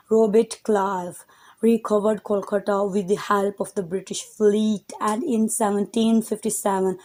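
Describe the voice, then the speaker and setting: A woman's voice: mid-range voice, dark tone. A woman teacher reading a textbook chapter aloud and stopping to explain words to her students. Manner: reads text aloud, then explains words; addresses her students directly.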